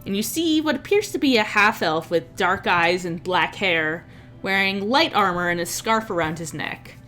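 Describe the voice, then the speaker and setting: A woman's voice: mid-range voice, lively intonation, moderate pace, sharp tone, soft background music. A woman narrating a tabletop game as game master, describing scenes with frequent restarts.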